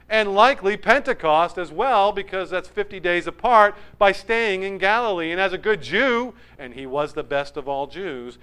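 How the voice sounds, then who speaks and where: A man preaches verse by verse in a smooth, clear voice that sits a little high. He is animated, rising loud for emphasis and dropping low for asides. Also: low-quality recording. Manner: acts out crowd voices. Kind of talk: verse-by-verse sermon.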